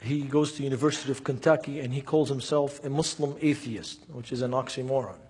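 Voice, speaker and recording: A man's voice: medium pitch, steady tone, brisk, a little mellow. A man preaching a sermon. He tells stories and asks the congregation questions in an earnest way. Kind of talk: sermon with storytelling.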